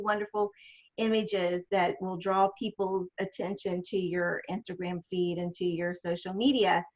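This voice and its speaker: A woman's voice: mid-range voice, lo-fi sound. A woman with a regional American accent, co-hosting a video chat and introducing guests in an enthusiastic, chatty way that drifts off topic. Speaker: podcast co-host.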